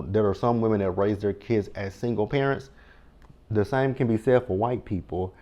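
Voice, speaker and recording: A man's voice: lowish voice, a little mellow, lo-fi sound. A man, recapping a reality show in a chatty, sassy way with mock-quoted reactions. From Texas. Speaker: TV recap host. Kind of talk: casual recap commentary.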